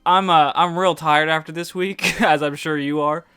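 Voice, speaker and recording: A young man with a bright, slightly high voice co-hosts a gaming podcast. He rambles through casual chat and laughs often. Faint music sits behind him. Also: steady tone, moderate pace, smooth. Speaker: podcast co-host.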